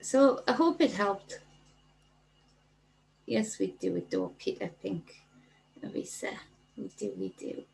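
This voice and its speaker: A woman's voice: medium pitch, huge pitch swings, slow pace, creaky, long pauses, darkish tone, rough recording. A middle-aged woman with a Geordie accent hosting a casual livestream as a spiritual coach, reading out viewer comments and greeting people by name in an affectionate, chatty way. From North East England.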